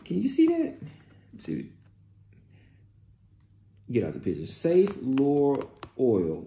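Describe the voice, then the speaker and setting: Excitable man in an echoey room. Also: medium pitch, slow pace, vocal fry, long pauses. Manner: excitable, exclaiming, reading out labels. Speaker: vlogger. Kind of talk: casual product haul review. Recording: echoey room with faint noise.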